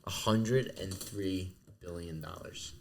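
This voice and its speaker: A man co-hosting a casual sports podcast, loud, playful and teasing as he chats. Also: low voice, slow. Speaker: podcast co-host.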